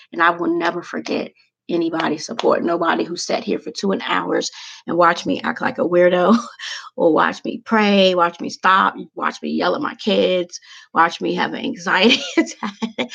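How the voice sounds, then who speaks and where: A woman's voice: on the low side, vocal fry, a bit bright, dull audio. A woman vlogger chatting casually and emotionally to her viewers, rambling from one thing to the next.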